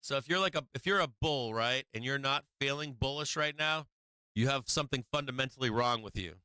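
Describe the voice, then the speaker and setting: Fairly quick and pushed, his bright mid-range voice sounds clear and resonant in a dry recording. He hosts a casual live stock market stream, talking right at viewers to coach and taunt them, with brash, profane, rambling commentary that restarts often and keeps coming back to "right?".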